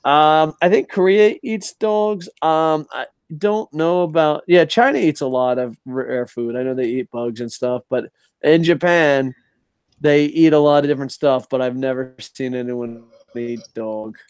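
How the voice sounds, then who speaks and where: A young adult man hosting a casual chat show, ranting in an animated, profane way. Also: on the high side, a little slow, smooth, no echo, clean studio sound. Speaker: podcast host.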